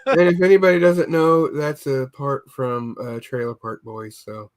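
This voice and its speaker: A man's voice: mid-range voice, fairly even intonation, measured pace. A man on a casual streamed podcast chat, telling rambling comic stories and stumbling over repeated words. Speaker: podcast co-host.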